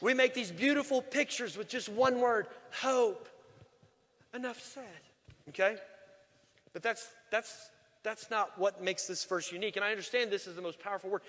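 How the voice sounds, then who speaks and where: A man preaching a sermon as pastor, animated, with joking asides and big swings from loud emphasis to quiet. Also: high voice, normal speed. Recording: long reverb of a large hall.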